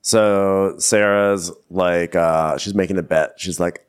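A man's voice: sits low, fairly even intonation, slow, clean tone. A middle-aged man co-hosting a comedic recap podcast, a chatty storyteller who laughs often and mimics the people he quotes. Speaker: podcast co-host.

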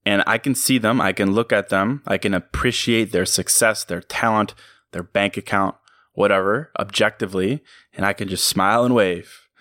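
A man's voice: lowish voice, moderate pace, a bit bright, dry recording, clean studio sound. A man hosting a podcast, giving an earnest, reflective motivational monologue and chuckling at himself now and then. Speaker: podcast host.

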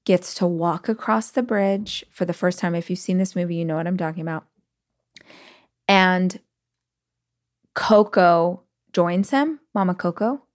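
Female podcast host, 30s-40s, mid pitch, candid conversational storyteller. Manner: chatty, candid, animated storytelling with big pitch swings. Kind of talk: casual solo podcast talk.

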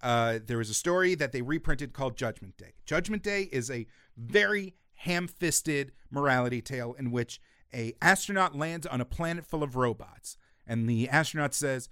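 Animated man retelling a comic story. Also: medium pitch, moderate pace, smooth, no room sound, studio quality. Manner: animated, acts out quoted lines, gets loud and worked up. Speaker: podcast co-host.

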